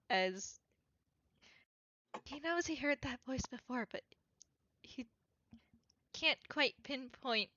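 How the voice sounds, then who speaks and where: A woman describing her character in a tabletop game, slow and halting. Her voice is bright and pointed, sitting a bit high. The audio is dull, dry and lo-fi. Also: dry recording. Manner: hesitant, many fillers. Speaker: tabletop player. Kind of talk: casual role-play narration.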